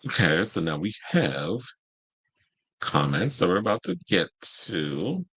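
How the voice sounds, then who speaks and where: Animated chatty man with lilt. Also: sits low, slow, breathy edge. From Georgia, USA. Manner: animated, chatty, laughs often, slangy asides. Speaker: host. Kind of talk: casual entertainment commentary with live chat.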